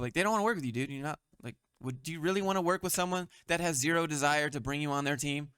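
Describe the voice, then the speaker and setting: Man, blunt and mocking commentary host, slightly high voice, dry close-mic sound. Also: very fast, hardly any pauses, a bit bright, smooth, no room sound. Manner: blunt and mocking, with frequent swearing. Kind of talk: sarcastic meme commentary.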